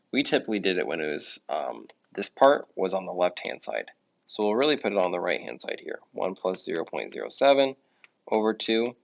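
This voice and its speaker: Gravelly male math teacher, lo-fi. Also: deep voice. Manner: casual explaining, with fillers and self-corrections. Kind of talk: recorded classroom lesson. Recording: dull lo-fi audio.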